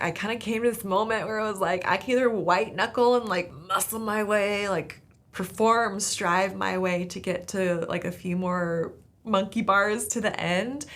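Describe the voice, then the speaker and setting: A woman talks through her faith story with casual, earnest warmth and keeps reaching for "like" as she thinks aloud. Her voice sits low with a gravelly, creaky texture. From Southern California. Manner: casual, earnest, many "like" fillers. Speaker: podcast host. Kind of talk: faith testimony talk.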